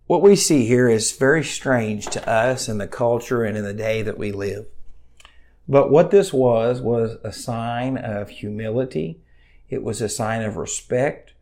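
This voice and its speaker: A male pastor giving a livestreamed sermon, talking in an earnest, conversational way with many fillers, and reading scripture aloud in a louder voice. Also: mid-range voice, unhurried. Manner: reads scripture aloud louder and more animated.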